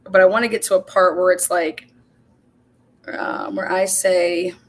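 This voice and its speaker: Profane, animated woman telling a story on a livestream. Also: fairly low pitch, measured pace, a little hiss or hum. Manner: animated storytelling, profane, quotes herself and others in dialogue. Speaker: show host. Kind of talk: casual livestream chat.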